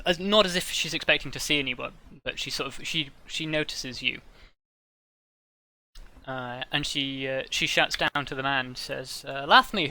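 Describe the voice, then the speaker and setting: Very bright-voiced male game master. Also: medium pitch. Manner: halting, many fillers and restarts. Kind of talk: narrating a tabletop game.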